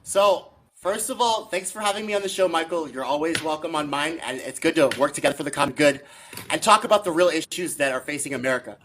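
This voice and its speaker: A man's voice: on the high side, quick pace, a bit bright, a little hiss or hum. A man appearing as a guest on a podcast, teasing the host and arguing political points in casual chat. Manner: teasing, argumentative.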